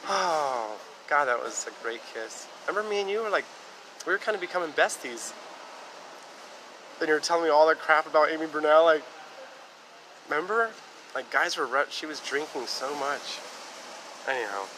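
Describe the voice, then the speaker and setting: A man's voice: fairly high pitch, fairly quick, background noise. A man from the United States talking on a live stream in a rambling, casual monologue that jumps between topics and swears freely.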